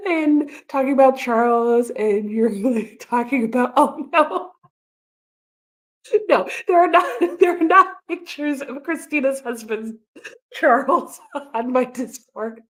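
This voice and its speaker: Giggly woman chatting on a livestream. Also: medium pitch. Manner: chatty, giggly, reads viewer comments aloud. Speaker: livestream host. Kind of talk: casual livestream chat.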